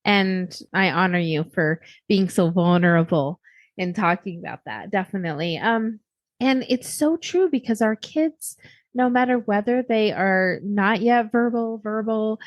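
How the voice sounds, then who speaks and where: A woman hosting a podcast interview, speaking softly and affirming her guest often. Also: medium pitch, no echo, lo-fi sound. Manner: soft-spoken, affirming, quick to agree. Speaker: podcast host. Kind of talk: casual interview conversation.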